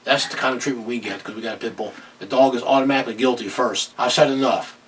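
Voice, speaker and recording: A man's voice: medium pitch, steady tone, fast, a bit bright, husky, far from the mic, low-quality recording. A middle-aged man ranting angrily in a video commentary, agitated and repeating himself. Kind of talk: angry political rant.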